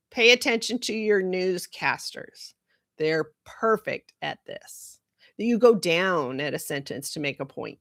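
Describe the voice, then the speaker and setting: This middle-aged marketing consultant has a medium-pitched, fairly bright voice, heard in clean studio sound with no room sound. Talking casually in a monologue, she's candid and chatty, throwing in lots of asides and laughing often.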